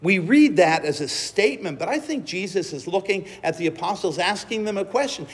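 A man preaching a sermon, telling the story slowly and dramatically with acted-out quotes. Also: sits high, animated, husky, big-room sound.

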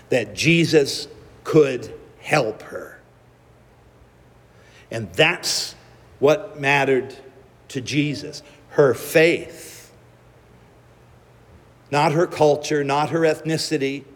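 A man delivering a sermon at a slow, deliberate pace. His voice rises and falls in a lively way, and he tells the story dramatically. The sound rings with the long reverb of a church hall. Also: on the high side. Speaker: preacher.

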